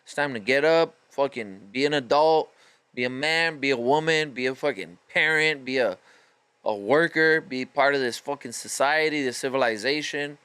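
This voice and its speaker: A man's voice: mid-range voice, normal speed, sharp tone, clear, resonant tone. A man hosting a solo podcast, delivering a profane, fired-up motivational rant in casual street slang. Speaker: podcast host.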